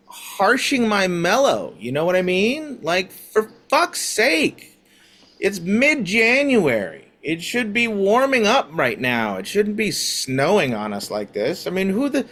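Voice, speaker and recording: Man putting on a sharp-tongued lady scientist, high and whiny, scornful. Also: full character voice. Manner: whiny, swearing, lots of "like" and "you know". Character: irritable vacationing woman physicist, scornful.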